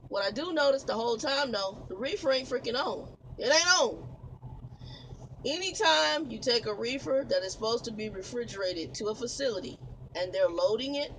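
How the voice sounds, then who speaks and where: A man's voice: extremely high pitch, a bit bright, slight background noise, rough recording. A man who drives trucks tells a long, exasperated, rambling story to his camera from his truck cab, laughing now and then. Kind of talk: casual vlog storytelling. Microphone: camera facing the speaker.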